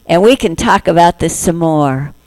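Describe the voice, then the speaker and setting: A woman minister giving a spiritual talk to her congregation, gentle, acting out inner voices in little quoted asides. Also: fairly low pitch, moderate pace, dry recording, poor audio.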